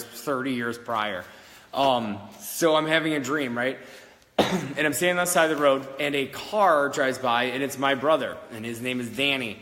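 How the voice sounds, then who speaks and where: A man's voice: medium pitch, sharp tone, in a large hall. A man working as a psychic medium, telling a story casually to camera in a rambling, giggly way with many fillers and restarts. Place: old schoolhouse in the country, indoors.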